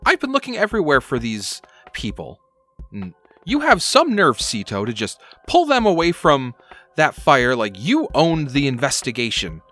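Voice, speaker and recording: Man putting on a shrill indignant gnome woman. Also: huge pitch swings, normal speed, a bit bright, faint music behind. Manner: high, clipped and indignant. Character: fussy small female gnome captain.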